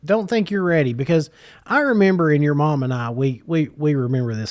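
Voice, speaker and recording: A middle-aged man co-hosts a casual podcast and loves a teasing story. His voice sits a little high. The sound is dry and close, with no room around it. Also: fairly quick, no room sound. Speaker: podcast co-host. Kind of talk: casual chat. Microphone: podcast microphone.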